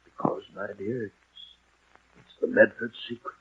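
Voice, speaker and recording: An actor playing a soothing, secretive uncle with a husky voice in 1940s radio acting. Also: male voice, on the low side, fairly even intonation, full character voice. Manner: soothing, measured, paternal. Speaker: Uncle Peter in a radio drama. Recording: lo-fi old radio broadcast.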